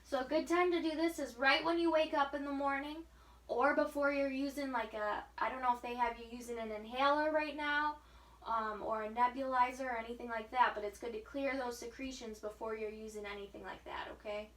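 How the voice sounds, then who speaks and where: A woman's voice: high-pitched, steady tone, a little fast, fairly bright tone. A woman physical therapist patiently coaching a patient through breathing and walking exercises, counting out each breath. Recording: echoey room, far from mic, faint hiss.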